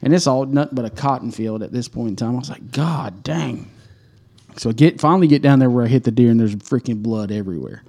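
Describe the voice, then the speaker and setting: Guy on a podcast, mellow dark voice, tells a wild story, cusses and laughs. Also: medium pitch, rapid-fire, few pauses. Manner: animated storyteller, swears freely, laughs mid-story. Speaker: podcast co-host. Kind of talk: casual hunting story.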